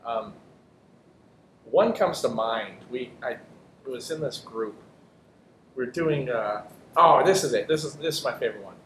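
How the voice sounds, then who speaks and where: A man who performs improv, chatting casually and telling stories with lots of restarts and jokes. His voice is of middling pitch. The room is echoey, with a faint low rumble behind him. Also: lively intonation, fairly bright tone. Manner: quick, joking storyteller with many restarts. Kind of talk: casual interview chat.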